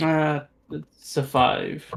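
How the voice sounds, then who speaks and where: Casual tabletop player, mid-pitched, kinda hesitant, lots of ums. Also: little pitch movement, extremely slow, gravelly. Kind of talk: casual chat.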